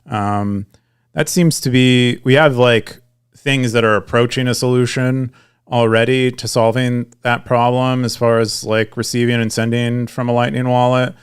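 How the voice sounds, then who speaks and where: A man's voice: mid-range voice, little pitch movement, unhurried, smooth. A young man co-hosting a podcast, talking casually with frequent fillers and restarts. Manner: rambling, many restarts and fillers. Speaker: podcast co-host. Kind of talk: casual chat.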